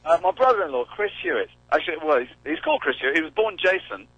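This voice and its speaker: A man's voice: on the high side, very animated, fast, fairly bright tone, breathy edge, no room sound, dull audio. Wry Englishman calling in by phone. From England. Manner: wry, self-mocking, joking. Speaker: celebrity caller. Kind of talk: casual phone-in chat. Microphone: phone while driving.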